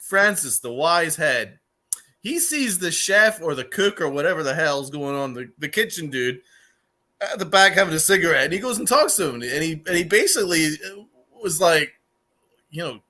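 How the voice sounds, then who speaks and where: Excitable high-voiced man, bright tone. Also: moderate pace. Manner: excitable, laughing, profane. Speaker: podcast co-host. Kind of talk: casual sports podcast storytelling.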